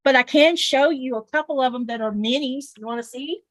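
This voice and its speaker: A woman's voice: high voice, a little fast, fairly bright tone, no echo, rough recording. A woman chatting casually on a sewing livestream as co-host, telling long rambling stories with many fillers.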